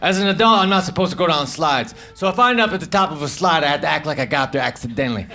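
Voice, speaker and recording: A man with a fairly high voice tells stand-up one-liners in a flat, deadpan, halting way, muttering self-deprecating asides between jokes. He is on a comedy stage with a handheld mic. The live recording carries a steady layer of noise. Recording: noisy live show recording.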